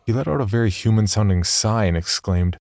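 A man narrating a first-person horror story in a wry, deadpan way. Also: lowish voice, brisk, gravelly, dry recording, studio quality.

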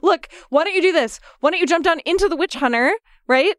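A woman's voice: extremely high pitch, lively intonation, fairly quick, a bit bright, dry recording, clean studio sound. A woman playing in a tabletop game, chatty and earnest. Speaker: player. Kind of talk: casual play.

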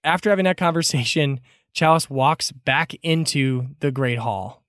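A game master narrating an improvised tabletop game in a relaxed, easygoing way. Medium pitch, recorded dry and close with no echo. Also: normal speed.

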